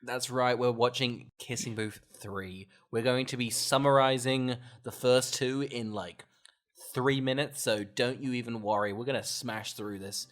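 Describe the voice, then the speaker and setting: A man in casual chat as a podcast co-host, gushing about a film in a voice of middling pitch. He gets animated, swears freely and breaks into laughter often. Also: unhurried.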